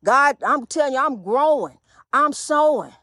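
A woman's voice: sits high, animated, a little slow, bright, forceful tone, no room sound, clean studio sound. A woman hosting her own podcast, talking in a chatty, preachy way and calling her listeners honey. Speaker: podcast host. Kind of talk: casual faith-talk podcast monologue.

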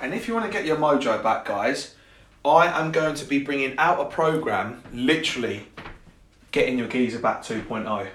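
A man's voice: medium pitch, expressive, moderate pace, fairly bright tone. Young man, casual podcast chat, blunt slangy coach, jokey, roomy echo. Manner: jokey, laughs at his own lines. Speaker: fitness and confidence coach. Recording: echoey room.

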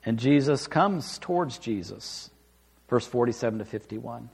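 A man preaching a sermon, reading scripture aloud and explaining it with emphatic, animated delivery. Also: mid-range voice, a little slow, creaky, slightly rough. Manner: animated, rising and falling for emphasis, acts out quoted lines.

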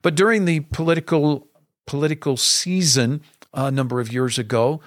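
Middle-aged male pastor, slightly high voice, earnest and emphatic, podcast talk, dry close mic. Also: fairly even intonation, normal speed, no room sound. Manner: earnest and emphatic, preacher cadence.

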